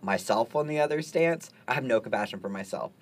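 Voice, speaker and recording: A man's voice: medium pitch, lively intonation, brisk. A man co-hosting a casual recovery talk, candid and self-deprecating, swearing and laughing easily. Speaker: podcast co-host.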